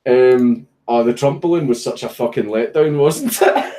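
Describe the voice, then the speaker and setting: A man's voice: mid-range voice, measured pace, mellow, poor audio. A Scottish man casually chatting on a home live stream, reading viewer messages, swearing and joking while a puppy distracts him.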